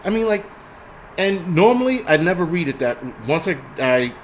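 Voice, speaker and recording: A man's voice: sits high, sing-song, normal speed, slight background noise. A man hosting a livestream, ranting casually with lots of cursing, restarts and rambling asides. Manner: profane, rambling, frequent restarts. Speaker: livestream host.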